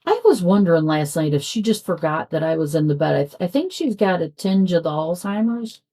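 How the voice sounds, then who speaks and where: Mellow low-voiced woman chatting casually. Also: expressive, fairly quick. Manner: rambling, chatty, trails off mid-sentence. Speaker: crafting vlogger. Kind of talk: casual chat while diamond painting. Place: at home.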